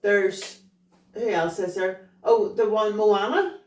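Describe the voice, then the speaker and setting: A tipsy woman co-hosting a podcast, blunt, cheeky and quick to laugh. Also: mid-range voice, recorded from a distance. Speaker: podcast co-host. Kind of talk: tipsy casual chat. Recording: roomy, a bit off-mic.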